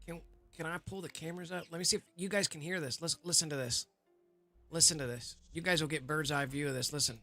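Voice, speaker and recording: A man's voice: a little high, steady tone, fast, pushed and bright, soft background music. A man hosting a live gaming stream, chatting loosely with viewers, rambling and swearing casually. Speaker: livestream host. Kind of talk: casual livestream chat.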